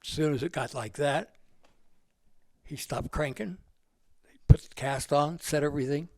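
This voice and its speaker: An older man spins loose, salty anecdotes, laughing as he goes. His voice is gravelly and sits a little high for a man, and it is recorded close and dry. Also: unhurried, darkish tone, no echo. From United States. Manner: rambling, profane and laughing. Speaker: guest. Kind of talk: casual storytelling.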